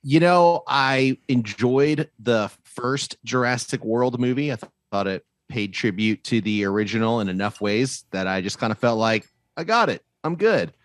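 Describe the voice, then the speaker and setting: A man's voice: medium pitch, normal speed, few pauses, no room sound, clean studio sound. A man co-hosting a casual podcast chat, talking in a laid-back, shrugging way. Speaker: podcast co-host.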